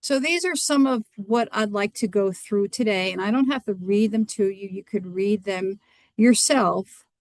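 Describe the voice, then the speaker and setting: An earnest woman physician presents a lecture over a video call. She speaks in a measured way at a middling pitch and sometimes restarts a word. The sound is dry and close. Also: no echo.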